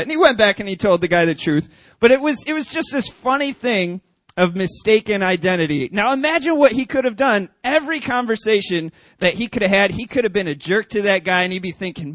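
A man preaching as pastor, telling a story with lively acted-out dialogue and then teaching. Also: sits high, fairly quick, no echo. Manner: animated storyteller, acts out quoted voices. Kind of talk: sermon.

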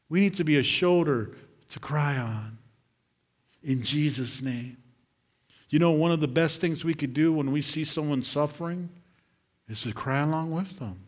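A man preaching a sermon as pastor, emphatic and repetitive, swinging from loud declarations to hushed lines. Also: a little high, breathy edge.

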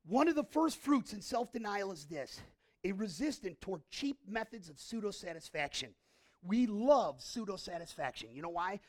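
A middle-aged male pastor preaching a sermon in a conversational way, asking the congregation questions and swinging from hushed to impassioned. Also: high-pitched, sing-song, normal speed. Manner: conversational, asks the audience questions.

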